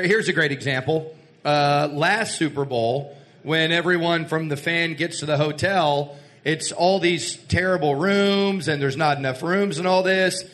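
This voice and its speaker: A Texan radio co-host trades dry, sarcastic quips during a live retelling. His voice is bright and crisp and sits a little high. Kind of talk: live storytelling banter.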